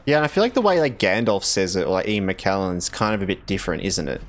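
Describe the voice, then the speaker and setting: A man's voice: sits low, expressive, quick pace. A man with an Australian accent chatting casually while streaming a game, playful and laughing often as he talks with viewers.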